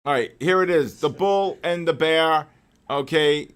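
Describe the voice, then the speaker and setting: A man hosting a live trading stream, excitable and joking as he calls out market moves to his viewers. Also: fairly high pitch, a little slow, smooth. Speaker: host of a live trading session.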